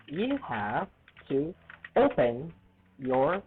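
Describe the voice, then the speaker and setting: A man's voice: medium pitch, a little slow, a little hiss or hum. A man teaching English in a casual video lesson, chatty and repetitive, often checking in with "okay?" and "right?". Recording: tinny phone-like sound.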